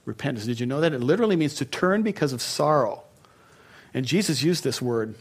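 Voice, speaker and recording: A man giving a sermon as a pastor. He talks in a relaxed, conversational way and breaks off for joking asides. His voice sits at an ordinary middle pitch. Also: fairly quick, breathy edge.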